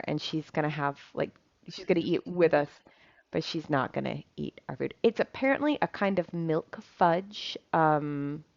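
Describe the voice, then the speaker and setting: A woman's voice: low-pitched, gravelly, no room sound. A woman chatting casually as she cooks, rambling with lots of ums and casual swearing. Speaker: cooking vlogger. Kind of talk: casual chat while cooking. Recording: dull lo-fi sound.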